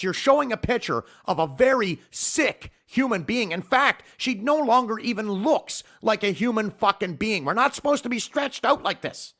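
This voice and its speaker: A podcast host with a high, bright, forceful voice rants from his home studio. His monologue is heated, emphatic, and profane.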